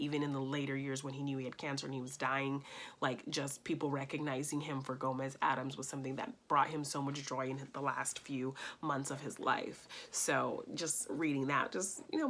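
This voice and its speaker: A woman's voice: extremely low pitch, a bit bright. A woman giving a casual movie review, talking with gushing enthusiasm and telling stories.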